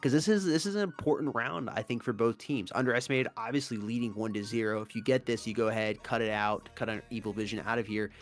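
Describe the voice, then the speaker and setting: A man co-casting a mobile esports tournament, breaking down strategy in an animated, analytical way. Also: on the low side, fast, few pauses. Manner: animated, analytical, stresses key words. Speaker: esports co-caster.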